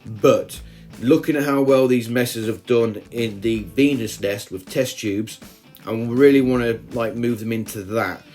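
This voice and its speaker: A man's voice: medium pitch, unhurried, a little mellow, faint music behind. A man narrating a casual hobby vlog, chatty and self-deprecating, wandering off into asides as he talks. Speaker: ant-keeping hobby vlogger.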